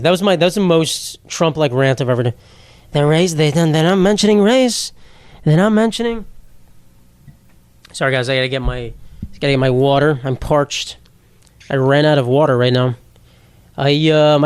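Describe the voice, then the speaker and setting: A young man hosts his own podcast alone, ranting bluntly about whatever comes up and poking fun at himself as he goes. His voice sits a little high for a man. The sound is dry and close, with no room echo. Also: moderate pace, clean tone. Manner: rambling, blunt and self-mocking, laughs mid-sentence. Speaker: podcast host. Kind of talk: solo comedic podcast rant.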